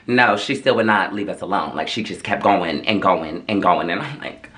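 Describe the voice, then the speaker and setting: Sassy, bright-voiced male storyteller. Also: lowish voice, brisk. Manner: sassy, dramatic, chatty. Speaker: vlogger host. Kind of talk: casual storytime.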